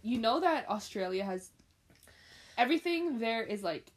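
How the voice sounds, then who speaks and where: A young woman in casual chat, teasing and sarcastic with quick jokes. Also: fairly high pitch, expressive, a little hiss or hum.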